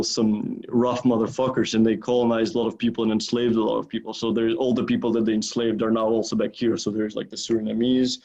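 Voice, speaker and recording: A man's voice: mid-range voice, a little mellow, muffled recording. A man co-hosting a podcast in casual, profane chat, full of filler words. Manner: rambling, profane, many "like"s. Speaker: podcast co-host.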